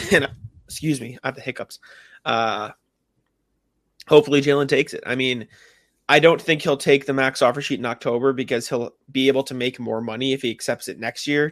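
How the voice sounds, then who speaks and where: A man's voice: mid-range voice, steady tone, fast talker, fairly bright tone, no room sound, studio quality. A man co-hosting a casual sports podcast, chatty and often laughing. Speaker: podcast co-host.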